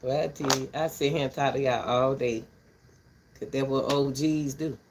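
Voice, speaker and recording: A woman's voice: extremely low pitch, steady tone, normal speed, darkish tone, a little hiss or hum. An older woman ranting casually to her viewers from her back porch, blunt and rambling, breaking into laughter often. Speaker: vlogger.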